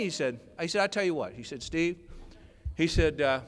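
A man telling a personal story to a convention audience, animated, swinging from loud, excited stretches to low, quiet asides. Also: normal speed. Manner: animated storyteller, rising to near shouting, dropping low and quiet. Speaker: workshop speaker at a recovery convention. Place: large convention hall. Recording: long hall reverb.

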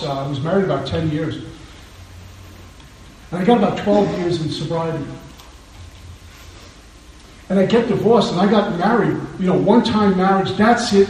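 A man's voice: sits high, a little mellow. A middle-aged man giving an earnest personal testimony at a recovery meeting, telling his story with wry laughs. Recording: very echoey hall, distant mic.

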